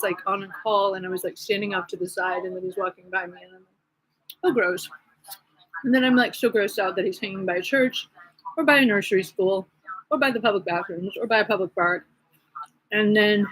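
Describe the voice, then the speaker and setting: Woman, husky voice, rambling vlog rant, gossipy, agitated, lots of fillers. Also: medium pitch, a bit bright, rough recording. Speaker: vlogger. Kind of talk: rambling casual monologue.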